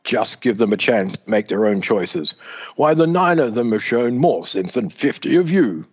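A man's voice: lowish voice, very animated, normal speed, breathy edge. A man voicing a stern middle-aged official who lectures firmly, close to his own voice. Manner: firm, lecturing. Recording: dull lo-fi recording.

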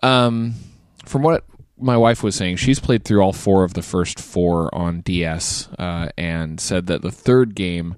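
A man's voice: deep voice, measured pace, clear, resonant tone, no echo. A man hosting a casual podcast, ranting in a profane, exasperated way and swearing often. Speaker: podcast host.

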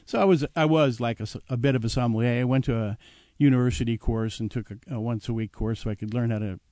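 Older man telling a lively anecdote. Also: medium pitch, fast, dry recording. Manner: animated anecdote with acted quotes and chuckles. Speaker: guest telling his life story. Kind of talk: casual storytelling.

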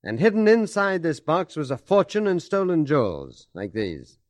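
A man playing a brisk, commanding detective in an old-time radio drama. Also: a little high, big pitch swings, no echo. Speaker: detective hero. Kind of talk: 1940s radio acting.

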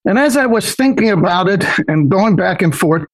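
A man's voice: high voice, lively intonation, moderate pace, no echo, poor audio. An older man, a podcast guest, telling a personal story in a rambling, folksy way, often saying "so anyway".

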